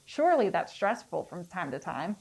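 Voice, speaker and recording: A woman's voice: lowish voice, big pitch swings, normal speed, breathy edge, poor audio. Earnest young woman public health educator. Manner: earnest, encouraging, talking-point delivery. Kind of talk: panel discussion.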